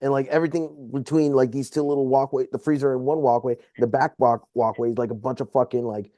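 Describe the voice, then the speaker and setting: A man's voice: medium pitch, fairly even intonation, quick pace, dark tone, dry recording. A man who is a podcast guest, talking casually and loosely with plenty of swearing. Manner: profane, rambling. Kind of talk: casual chat.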